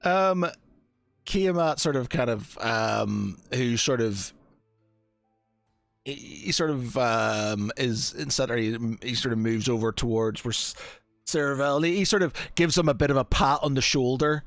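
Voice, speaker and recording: A man's voice: medium pitch, unhurried, creaky, dry recording, clean studio sound, soft background music. A man narrating as game master of a tabletop game, hesitant and full of restarts. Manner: hesitant, many fillers and restarts.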